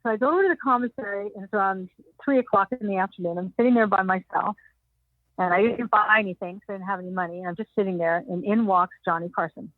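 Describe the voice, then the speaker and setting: Older woman guest, animated storyteller, dry narrow phone-like sound. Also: mid-range voice, fast talker, no room sound. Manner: animated anecdotes, acting out others' lines with laughs. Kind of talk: storytelling interview.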